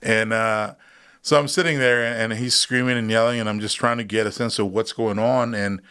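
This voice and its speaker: Low-voiced man in his thirties, lively storyteller. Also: normal speed, clean tone. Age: 30s. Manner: animated, acts out voices in his stories, laughs often. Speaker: guest, combat veteran. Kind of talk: casual storytelling in a podcast interview.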